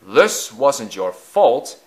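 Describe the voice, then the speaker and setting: Ein Mann spielt einen strengen, beleibten Eisenbahndirektor in einer Geschichte, bestimmt und lauter. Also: male voice, mid-range voice, very animated, moderate pace, a bit bright. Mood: stern. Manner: firm, authoritative. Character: stern, stout male railway director.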